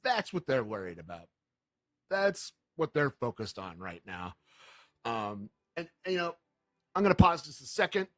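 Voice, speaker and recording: A man's voice: mid-range voice, big pitch swings, a bit bright, no echo, studio quality. Impassioned man hosting a livestream. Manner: earnest, impassioned, halting with fillers. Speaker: livestream host. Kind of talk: emotional livestream talk.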